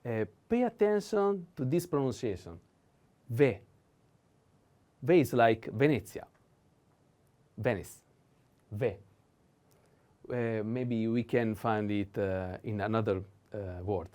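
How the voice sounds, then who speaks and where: A man's voice: fairly low pitch, lively intonation, slow pace, long pauses, darkish tone. A man with an Italian accent teaching a whiteboard lesson, pronouncing each word several times and explaining in non-native English.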